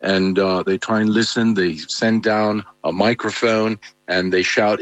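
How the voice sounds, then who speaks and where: Man, very low voice, correspondent, lots of uhs and restarts, dry sound. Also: fairly even intonation, no room sound, low-quality recording. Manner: halting, many fillers and restarts. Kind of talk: live news interview.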